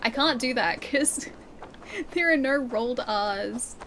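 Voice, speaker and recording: A woman's voice: fairly high pitch, expressive, slow, fairly bright tone, a little hiss or hum. A woman with an Australian accent, chatting casually with her viewers while she plays a game live, laughing often and answering chat. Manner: chatty, giggly, reads chat aloud. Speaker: livestreamer.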